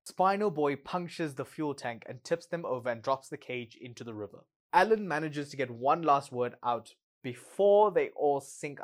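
A man hosting a podcast, recapping a movie in a casual, sarcastic way with exasperated asides. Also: medium pitch.

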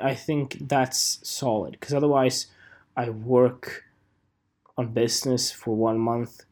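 Slow, rambling young man podcasting. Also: medium pitch, a little mellow. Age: 20s. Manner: self-mocking, jokey, swearing, many fillers and asides. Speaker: podcast host. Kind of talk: rambling solo podcast talk.

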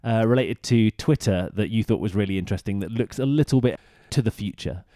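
A man's voice: fairly low pitch, fairly quick, mellow, dry recording. A British man co-hosting a podcast, bantering wryly and musing on tech. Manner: dry, wry banter. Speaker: podcast co-host. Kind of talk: casual tech chat.

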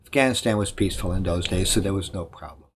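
A man's voice: sits low, fast, a little hiss or hum. An older man from Germany, giving discursive advice in an interview and often correcting himself mid-sentence. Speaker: guest. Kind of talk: conversational interview.

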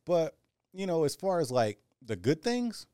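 Male podcast host, casual and joking, pitch moving around a lot, dry sound. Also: big pitch swings, a little slow, dark tone, clean tone, no echo. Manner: laid-back, joking, says "man" a lot. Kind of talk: casual chat.

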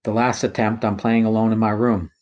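A man reading his own first-person account aloud in a measured, somber way. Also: on the low side, flat delivery, a little mellow, muffled recording. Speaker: narrator of his own story.

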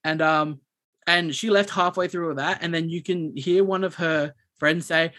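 Rambling man, higher voice. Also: normal speed. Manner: rambling, animated, many restarts. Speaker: podcast co-host. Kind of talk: casual chat, storytelling.

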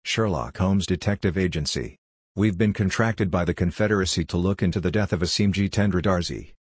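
A man's voice: sits low, a little fast, slightly rough, dry recording, clean studio sound. A man voicing a polite, businesslike male detective in an audiobook. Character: male detective, out of place, eager to finish quickly. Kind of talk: audiobook character voice.

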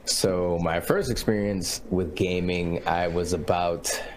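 A man guesting on a gaming podcast, telling stories in a relaxed, slangy way and laughing easily. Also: sits low, slow, a little hiss or hum, poor audio. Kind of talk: casual podcast chat.

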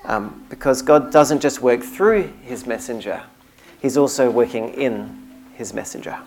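Earnest preacher giving a sermon, emphatic, middle-pitched voice, little restarts here and there. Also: a little slow, darkish tone.

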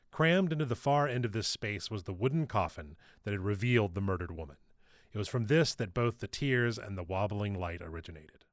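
A man narrates his own novel in a steady, measured way. His voice is low, and the recording is close and dry. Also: dry recording. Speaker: author reading his novel. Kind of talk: audiobook narration.

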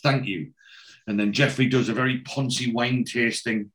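A man's voice: mid-range voice, normal speed. A man in casual podcast chat, retelling a TV episode scene by scene, quoting the dialogue and swearing freely. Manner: animated storyteller, slips in and out of quoted lines, swears casually. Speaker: podcast co-host recapping a TV series.

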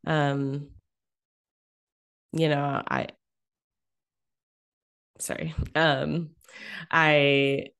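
A woman guest coach on a video call, speaking in a soft, reflective way and pausing to find her words. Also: low voice, little pitch movement, creaky, clear, resonant tone. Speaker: guest, food and body coach. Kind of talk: interview conversation.

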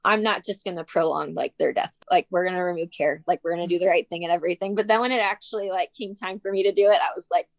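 Young woman guest, slightly low voice, tearful, soft-spoken, very dry close sound. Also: quick pace, hardly any pauses, dry recording. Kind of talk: emotional personal conversation.

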